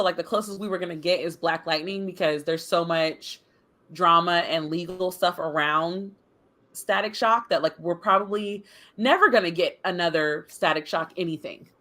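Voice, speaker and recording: Bright, forceful woman co-host, expressive casual talk. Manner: expressive, rises in pitch when exasperated. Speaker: podcast co-host. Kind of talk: casual book club discussion.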